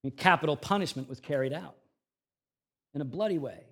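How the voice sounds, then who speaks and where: A pastor delivers an expository sermon, shifting between quiet, low reflection and raised, urgent emphasis. He paraphrases scripture conversationally, speaking a little fast.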